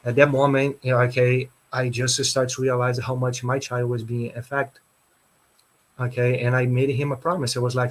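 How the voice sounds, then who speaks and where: A man recounting a painful family court story as an interview guest, speaking earnestly, often pausing on "okay". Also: mid-range voice, flat delivery.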